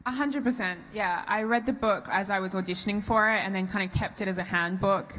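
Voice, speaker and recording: A woman's voice: mid-range voice, brisk, poor audio. A woman in her twenties with an Australian accent, an actress answering fan questions in a chatty way. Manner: warm, chatty, many fillers. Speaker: actress on a convention panel. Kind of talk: casual panel Q&A. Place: convention hall on stage.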